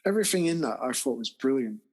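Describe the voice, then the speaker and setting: A man with a husky, slightly raspy voice talks films on a podcast. He sounds relaxed and easygoing, and he readily agrees with the others. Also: medium pitch, quick pace. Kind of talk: casual film discussion.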